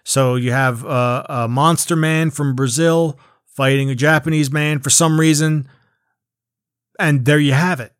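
A man's voice: on the high side, steady tone, a little slow, fairly bright tone, clean tone, dry recording, clean studio sound. A man ranting casually about video games, rambling and swearing with lots of fillers. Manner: rambling, profane, frequent fillers and restarts. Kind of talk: casual rant.

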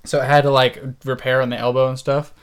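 A man in his twenties, a podcast co-host, telling a story in casual chat, animated and laughing often. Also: mid-range voice, fast, clear, resonant tone. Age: 20s.

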